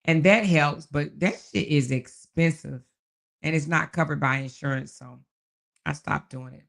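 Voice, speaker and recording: A woman hosts a relaxed live chat and reads out comments from her viewers. She speaks in a folksy, affectionate way and calls people baby, child and honey. Her voice is gravelly and full of fry, and she laughs often as she talks. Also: low voice, unhurried. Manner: laughs often while talking. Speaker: livestream host.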